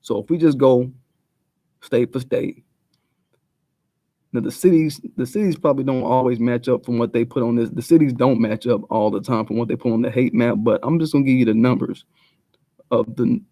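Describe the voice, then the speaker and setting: A man's voice: medium pitch, steady tone, moderate pace, dark tone, no echo. A man giving a blunt, profane commentary rant full of street slang. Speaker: video commentator.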